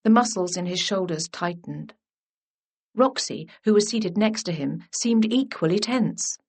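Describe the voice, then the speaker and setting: A woman reading a historical romance as scripted narration in an even, measured way. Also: mid-range voice. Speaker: audiobook narrator.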